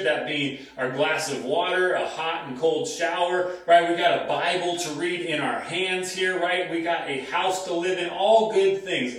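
A man's voice: on the high side, fairly bright tone. A man in his thirties preaching a sermon in a conversational way, often repeating key phrases for emphasis. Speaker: pastor. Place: church hall. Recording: very echoey room, mic at a distance.

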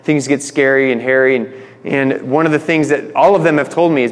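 A man's voice: medium pitch, steady tone, a little fast, big-room sound. A man preaching a sermon in a conversational way, retelling stories with voiced quotes. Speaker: pastor.

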